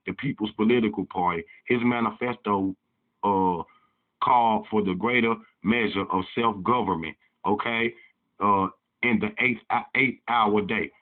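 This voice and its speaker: Host type: heated preachy man lecturing casually, thin phone-quality audio. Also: on the low side. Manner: fiery, preachy, heated rants. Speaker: channel host. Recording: tinny phone-like sound.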